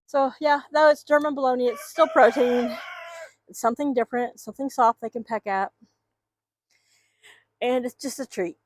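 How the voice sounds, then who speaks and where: Woman keeping chickens, rambling and chatty, fairly high voice, dry close sound, outdoors. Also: fairly even intonation, moderate pace, long pauses, no echo. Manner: rambling, chatty, talks to her hens. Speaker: backyard chicken keeper. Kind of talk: casual vlog chat. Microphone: microphone.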